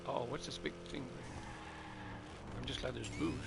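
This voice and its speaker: A man's voice: mid-range voice, steady tone, a little slow, vocal fry, very noisy. A middle-aged man from Southern California, chatting casually and rambling as he comments on his own gameplay. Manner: chatty, rambling, self-correcting. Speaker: gaming channel host.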